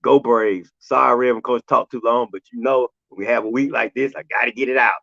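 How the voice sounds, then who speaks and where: A man, co-hosting a sports talk stream, ranting emotionally and shouting at his team in casual colloquial speech. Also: medium pitch, fairly even intonation, fast, gravelly, dry recording, lo-fi sound. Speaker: sports show co-host. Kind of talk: impassioned fan rant on a live stream. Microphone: video call.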